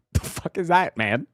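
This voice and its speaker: A man's voice: a little high, dry recording. Young male streamer from Virginia, casual and profane, playfully indignant, faint music behind. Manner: jokey, profane, mock-indignant rants. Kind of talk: casual live-stream chat.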